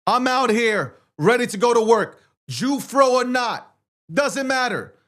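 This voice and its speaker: A man's voice: extremely high pitch, expressive, measured pace, a bit bright. A man hosting a show, ranting to viewers on a livestream in a brash, profane, boastful way, repeating phrases and firing rhetorical questions. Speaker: show host.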